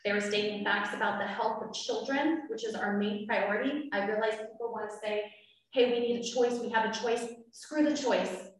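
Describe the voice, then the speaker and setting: At a school board meeting, a parent makes a public comment in a fairly high, steady voice at normal speed. She is earnest and grows emotional and forceful, captured on a distant mic in an echoey hall.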